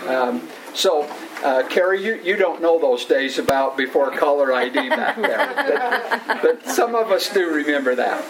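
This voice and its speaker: A man's voice: on the high side, lively intonation, over a noisy crowd, rough recording. Rambling man telling an office story. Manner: rambling, halting, laughs through his story. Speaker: coworker giving a retirement tribute. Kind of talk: storytelling speech at a farewell gathering.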